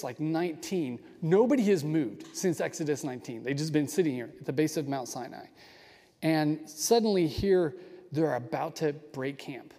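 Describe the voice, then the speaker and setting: A man's voice: a little high, mellow. A man giving a sermon in an earnest, enthusiastic way, often restarting his phrases. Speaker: pastor. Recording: long hall reverb.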